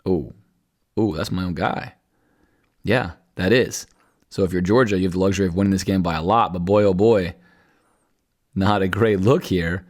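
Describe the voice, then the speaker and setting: A man's voice: low voice, brisk. A man hosting a podcast, talking viewers through football game film in a conversational, analytical way. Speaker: podcast host.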